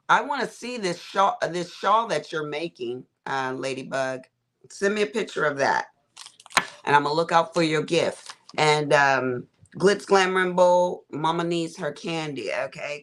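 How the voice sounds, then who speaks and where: A woman's voice: low voice, big pitch swings, unhurried, a bit bright. A middle-aged woman hosting a casual craft livestream, chatty and folksy, calling her viewers y'all and honey.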